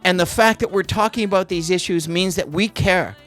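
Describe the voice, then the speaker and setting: A man's voice: high-pitched, brisk, fairly bright tone, faint music behind. A middle-aged Canadian man co-hosting a casual podcast, talking in an earnest, patriotic way with some restarts. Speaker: podcast co-host.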